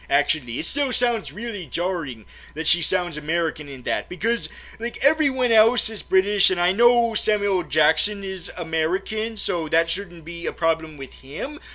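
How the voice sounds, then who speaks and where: Chatty high-voiced man reviewing a film. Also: bright, forceful tone. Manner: chatty, stumbling restarts and self-corrections. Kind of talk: casual movie review chat.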